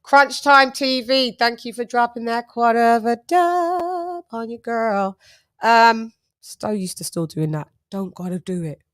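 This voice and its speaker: A woman's voice: a little high, unhurried. Chatty British woman hosting a livestream. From United Kingdom. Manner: chatty, laughing, shouting out viewers. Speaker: boxing livestream host. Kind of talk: casual livestream chat reading viewer comments.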